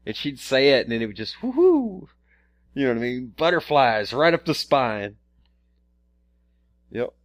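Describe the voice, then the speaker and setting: A man's voice: mid-range voice, moderate pace, long pauses, fairly bright tone. A man co-hosting a podcast in casual chat, rambling and profane, stammering and restarting often. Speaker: podcast co-host.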